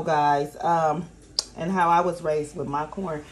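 A woman's voice: deep voice, fairly even intonation, takes it slowly, a little hiss or hum. A woman filming a casual cooking vlog in her home kitchen on a handheld phone. She chats straight to viewers and swears freely. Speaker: cooking vlogger filling in for her mother.

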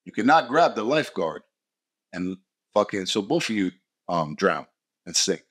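Speaking at a normal pace, this podcast host has a lowish, very animated voice that's a bit bright with a breathy edge. His motivational talk is blunt and heavy on swearing, and he keeps repeating short phrases for emphasis.

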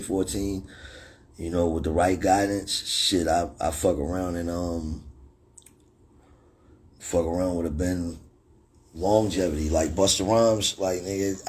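A middle-aged man, a rapper, ranting angrily and profanely on a phone livestream and breaking into sudden high-pitched shouts. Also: husky. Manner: angry, profane, threatening tirade that jumps into sudden high shouts.

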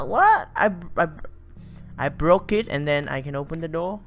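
Slow-talking jumpy gamer man. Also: fairly high pitch, expressive, gravelly, a bit bright, a little hiss or hum. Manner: jumpy, swears a lot, reads dialogue aloud in voices. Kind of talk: let's play commentary.

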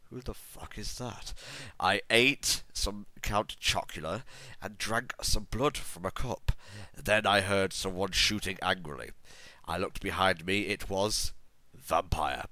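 Brief: male reader, deep and forceful voice, deadpan sarcasm, dry close mic. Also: no room sound. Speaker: host and reader. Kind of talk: comedic dramatic reading.

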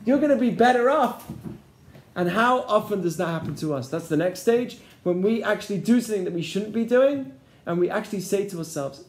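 A rabbi with a high voice leads a lesson. He keeps checking whether the class is following him, and his voice echoes around a roomy space. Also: lively intonation, a little fast. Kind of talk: interactive Torah lesson. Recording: echoey room.

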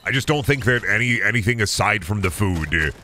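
A man's voice: lowish voice, animated, brisk, sharp tone, slight background noise. A man streaming a game, ranting cynically and with plenty of swearing in a casual chat. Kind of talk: casual chat while gaming.

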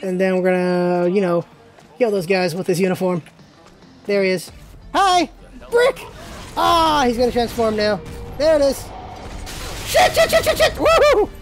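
A let's play host giving excited gameplay commentary, yelping, swearing freely and repeating words in rapid bursts. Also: mid-range voice. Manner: swears freely when things go wrong.

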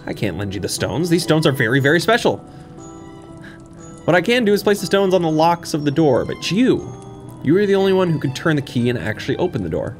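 A man's voice: a little high, big pitch swings, a little fast, faint music behind. A man doing a pompous grand wizard. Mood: solemn. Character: grand old male wizard, pompous and solemn.

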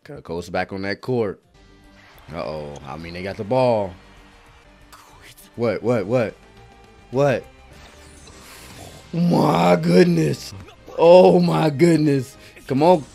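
A man's voice: medium pitch, slow, gravelly, long pauses, dark tone, faint music behind. A man hosting an anime reaction video, talking in casual, slangy commentary, exclaiming and laughing often.

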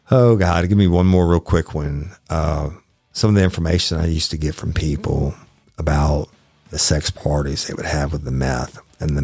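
Very deep husky Southern man. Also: dry recording. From Louisiana. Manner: profane, blunt, acts out quoted dialogue. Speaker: podcast host, former detective. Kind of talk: casual true-crime storytelling.

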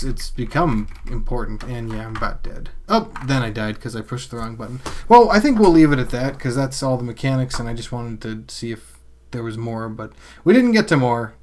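A man's voice: medium pitch, a little hiss or hum. A man giving casual, rambling commentary while playing and reviewing a game, muttering to himself with mild exclamations. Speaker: gameplay reviewer. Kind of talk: casual let's-play commentary.

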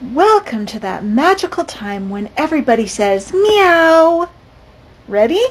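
An older woman voicing a bossy, exasperated cat in a storybook read-aloud, loud and emphatic, with a husky voice. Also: high voice, very animated, a little slow, a little hiss or hum, voice pushed up. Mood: insistent. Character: bossy cat insisting everyone meow.

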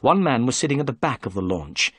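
A man reading a graded story aloud for English learners in clear, measured narration. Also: mid-range voice, very animated, a bit bright, no echo, clean studio sound. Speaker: story reader.

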